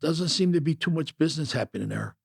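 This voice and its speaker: A man with a deep gravelly voice voicing a smirking Jamaican street hustler with a Jamaican accent, sly and demanding. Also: lively intonation, fast, no room sound, clean studio sound, full character voice.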